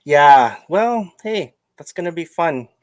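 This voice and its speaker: A man's voice: on the high side, expressive, slow, no room sound. Chatty male podcast host, dry sound. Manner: chatty and joking, greets viewers, many fillers. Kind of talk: casual livestream podcast chat.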